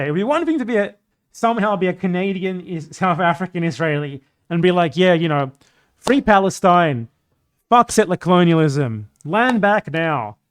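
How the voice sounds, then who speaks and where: A young man streaming live, ranting in a combative, profane way about politics. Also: a little high.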